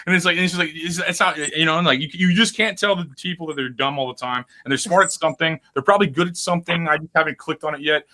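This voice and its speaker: A man's voice: on the high side, fast, few pauses, pushed and bright. A man hosting a casual podcast chat, rambling and profane as he riffs on stories. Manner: rambling, profane, restless riffing. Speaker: podcast host.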